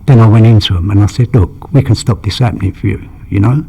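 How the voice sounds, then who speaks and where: An older male interviewee tells long, rambling stories about his past, acting out quoted dialogue and saying "you know" frequently. His voice is fairly low, quick-paced, warm, and slightly rough, with vocal fry.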